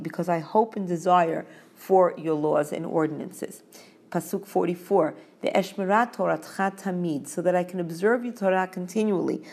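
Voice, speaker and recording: A woman teaches scripture verse by verse, slightly low in pitch with a gravelly edge of vocal fry. She reads each line in Hebrew, then explains it in a measured, steady way. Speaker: Torah teacher.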